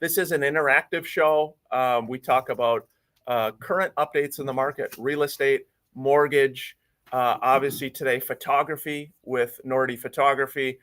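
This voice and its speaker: A man hosting a live radio talk show from a studio, upbeat and often filling pauses with "uh". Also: mid-range voice, steady tone, a bit bright. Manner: upbeat, with frequent filler "uh"s.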